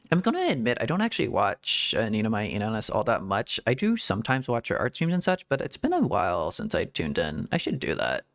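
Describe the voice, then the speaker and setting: A VTuber streamer chatting casually and rambling through a game stream, full of "like"s, restarts and giggles. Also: mid-range voice. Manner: rambling, filler-heavy talk with many "like"s and restarts; frequent giggling. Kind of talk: casual gaming stream chat.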